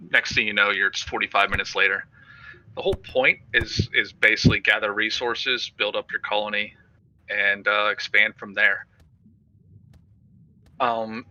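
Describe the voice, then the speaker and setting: A man chats with enthusiasm as a stream co-host, his voice low but very bright and edgy. His audio comes through dull and lo-fi, like a remote mic. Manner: enthusiastic, loose and chatty. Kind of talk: casual game commentary.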